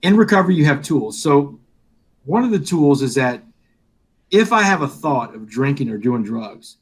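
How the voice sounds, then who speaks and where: A man's voice: mid-range voice, moderate pace, slightly rough. A middle-aged man, a guest in a live interview, telling a personal story and acting out the dialogue. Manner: animated storyteller, acts out quoted dialogue.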